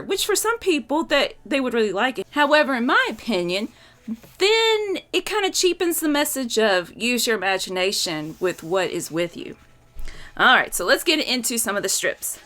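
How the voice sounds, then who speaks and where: A woman's voice: mid-range voice, fairly bright tone. A woman in her forties giving a casual, chatty book review, openly emotional about what she reads.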